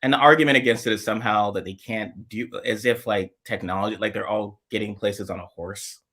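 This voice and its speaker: A man's voice: on the low side, brisk, bright, forceful tone. A man hosting a casual political chat over a video call, chatty and rambling with a playful streak. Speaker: host.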